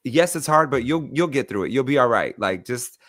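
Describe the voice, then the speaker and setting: A man co-hosting a casual podcast, telling stories with lively quoted voices. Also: medium pitch, a little fast, dry recording. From Mexican-American. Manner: animated storyteller, acts out quoted voices. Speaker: podcast co-host. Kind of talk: casual chat.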